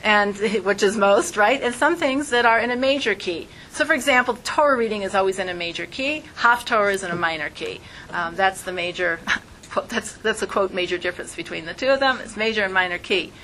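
Bright-voiced woman teaching with lively flair. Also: medium pitch, a little fast, a little hiss or hum, low-quality recording. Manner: lively, acts out voices in quotes. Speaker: teacher of a Torah class. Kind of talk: informal classroom teaching.

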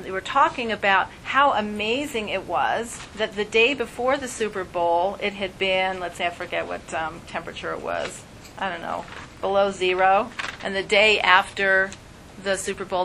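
A woman giving a casual spoken Torah class, telling stories in a chatty, animated way with little laughs. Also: mid-range voice, slight background noise, rough recording.

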